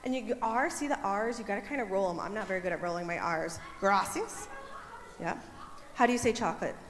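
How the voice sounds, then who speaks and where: A woman's voice: medium pitch, quick pace. A young woman leading a children's message in church, playful and coaxing the kids to join in. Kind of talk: children's sermon, teaching kids. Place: church sanctuary. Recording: echoey hall, faint room ambience.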